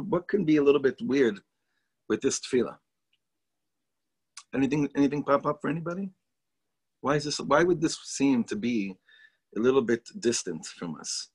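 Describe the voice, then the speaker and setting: A man's voice: medium pitch, slightly rough. A man teaching a Torah class to students, talking in an enthusiastic, chatty way and mixing in Hebrew and Yiddish words.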